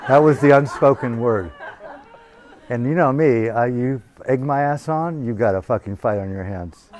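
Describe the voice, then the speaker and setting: A man teaching a meditation retreat, telling a family story in an animated, profane way into a handheld microphone. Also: mid-range voice, normal speed. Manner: animated, profane, acting out voices. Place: retreat hall.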